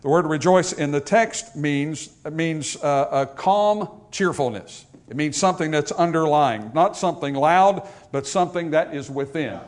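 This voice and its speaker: A man's voice: on the high side, a little slow, hardly any pauses. Man preaching a funeral sermon. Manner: conversational, storytelling preacher. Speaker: pastor.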